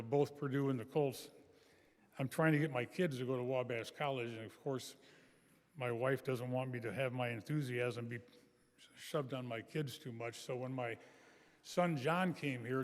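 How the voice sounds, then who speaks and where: An older man gives a speech full of folksy anecdotes, his pitch sitting in an ordinary middle range. The recording carries a long reverb from a large chapel hall. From American Midwest. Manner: folksy storytelling. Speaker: guest speaker.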